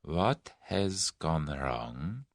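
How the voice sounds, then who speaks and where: Guy doing a soft hissy villain boss, quiet and dangerous. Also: medium pitch, very animated, moderate pace, dry recording, clean studio sound, pitched above the performer's own voice. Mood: menacing. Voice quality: soft, sibilant. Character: shadowy crime boss Number One, soft, menacing man.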